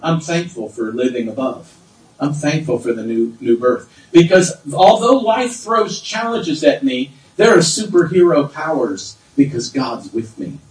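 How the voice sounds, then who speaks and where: Fervent preacher man, high voice, roomy. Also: lively intonation, a little slow. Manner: fervent preaching, swinging from low asides to loud high exclamations. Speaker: pastor. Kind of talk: sermon. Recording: roomy sound from far off.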